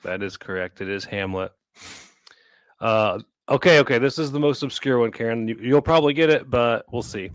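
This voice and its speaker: A man reading trivia questions in a casual online group audio chat, relaxed, clearing his throat now and then. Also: medium pitch, normal speed, dry recording. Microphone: online audio room microphone.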